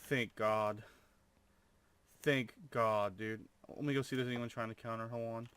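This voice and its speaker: A man's voice: medium pitch, fairly even intonation, moderate pace, fairly bright tone, clean tone. A young man commentating his own gameplay, full of over-the-top amazement and swearing. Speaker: gamer.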